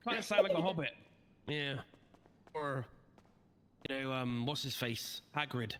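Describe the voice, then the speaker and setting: Brief: British male, dry and stubborn, bright tone, reverberant audio. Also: mid-range voice, lively intonation, unhurried, slight background noise. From Britain. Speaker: roleplay player. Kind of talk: casual in-character roleplay banter.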